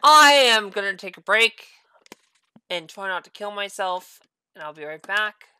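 A woman giving angry gameplay commentary, cursing and yelling in exasperation. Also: mid-range voice, lively intonation, a little slow, clear, resonant tone. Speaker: gaming video creator.

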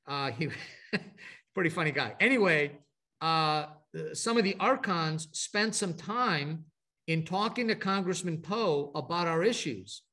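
This middle-aged Texan man, speaking at an advocacy training event, has a slightly high and somewhat bright voice. His informal presentation to the group is conversational and built around stories, packed with asides and restarts.

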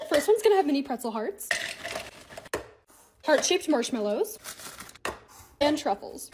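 A young woman in a casual unboxing vlog, talking in a gushing, excited way in her living room. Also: high voice, background noise. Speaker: lifestyle content creator.

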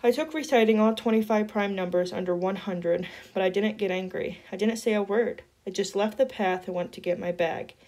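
A woman reading a novel chapter aloud in a steady storytelling voice. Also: medium pitch, fairly quick, few pauses. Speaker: reader.

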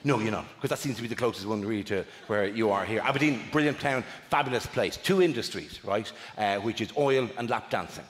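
A man's voice: on the low side, brisk, few pauses, noisy background. A man with an Irish accent doing live stand-up crowd work, swearing and incredulous. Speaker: stand-up comedian. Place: large theatre stage. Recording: echoey theatre with long reverb. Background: audience ambience.

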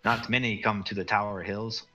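A man voicing an ancient, wise male elf lord who speaks in measured, solemn pronouncements. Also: fairly low pitch, fairly even intonation, bright, forceful tone, faint music behind, pitched above the performer's own voice, low-quality recording.

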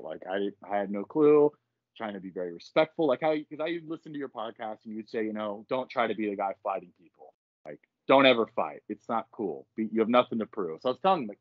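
A man on a podcast, telling a story casually and profanely, with lively acted quotes. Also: fairly low pitch, fairly quick, no echo, dull audio. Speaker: podcast guest.

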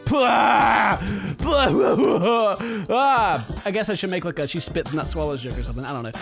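A man's voice: on the high side, fast talker, over music. A man giving comedic, sarcastic commentary while playing a game, laughing often. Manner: animated and jokey, laughing often, sarcastic asides. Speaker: let's play gamer.

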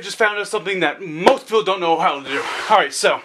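Young male repair vlogger, breathless and excitable, slightly higher voice. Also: quick pace, heavy background noise. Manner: excitable, rambling. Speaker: repair video host. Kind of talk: casual repair tutorial.

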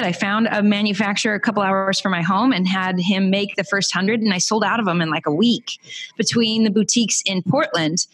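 Upbeat storytelling woman, breathy voice. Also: mid-range voice. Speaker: podcast guest, entrepreneur. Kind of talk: casual interview storytelling.

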